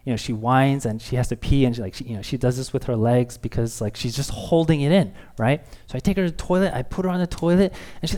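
A man's voice: on the high side, quick pace, few pauses, darkish tone. A man in his thirties, a pastor preaching a sermon, talking candidly and self-deprecatingly, with playful acted quotes.

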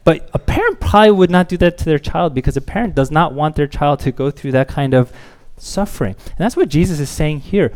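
A man in his thirties preaching a sermon, a father who tells stories and acts out his children's pleading with lively rises in pitch. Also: fairly quick, few pauses. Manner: animated storytelling, acts out children's pleading voices. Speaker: pastor.

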